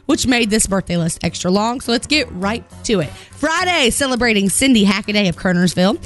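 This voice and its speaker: A woman radio morning show host telling a story and reading announcements in an expressive, laughing way, her voice rising when she gets excited. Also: medium pitch, a little fast, faint music behind. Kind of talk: chatty on-air storytelling and announcements.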